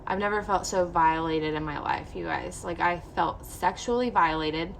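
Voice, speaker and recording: A young woman vlogger shares a personal story with her viewers, candid and emotional, saying "like" constantly. Her voice sits on the low side and is creaky, at a moderate pace, with a little hiss or hum in the audio.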